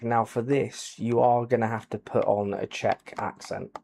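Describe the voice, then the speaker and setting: A man giving soft-spoken ASMR commentary over a racing game, quiet and low-key, with dry jokes. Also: level tone, measured pace, vocal fry. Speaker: gaming channel host.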